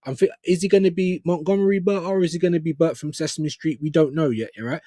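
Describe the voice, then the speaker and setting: A man co-hosting a casual football chat in a slightly high, mellow voice, chatty and emphatic and full of slang. The sound is close and dry, with no room echo. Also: fairly even intonation, quick pace. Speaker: co-host.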